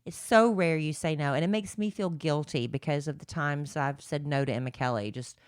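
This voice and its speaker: A woman's voice: deep voice, fairly quick, hardly any pauses, no echo, clean studio sound. A woman co-hosting a podcast, chatting in an earnest way. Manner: earnest, chatty, says y'all. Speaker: podcast co-host. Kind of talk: casual chat.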